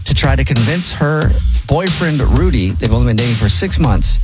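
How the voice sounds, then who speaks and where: A man hosting a radio show segment, briskly explaining the game rules to a caller from a studio. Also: mid-range voice, expressive, over loud music. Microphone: studio microphone.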